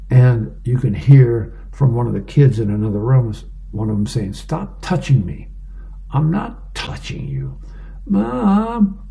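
A man reads the newspaper aloud for a radio reading service, unhurried and plain, with the odd aside and filler. His voice is gravelly with fry at the ends of phrases. The tone is dark and mellow. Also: on the low side. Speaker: volunteer newspaper reader.

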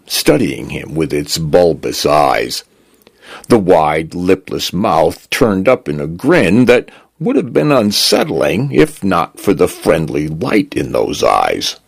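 A man who hosts and narrates, reading a story aloud in a slow, measured storytelling manner. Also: sits low, big pitch swings, vocal fry, slightly rough, no echo. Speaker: host and volunteer narrator.

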